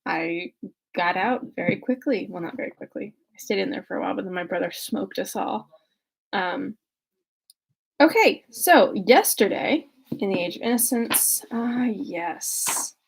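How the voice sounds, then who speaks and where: A woman's voice: mid-range voice, animated, slow pace, creaky. A young woman who chats casually and self-mockingly with many fillers, then reads a classic novel aloud. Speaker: audiobook reader.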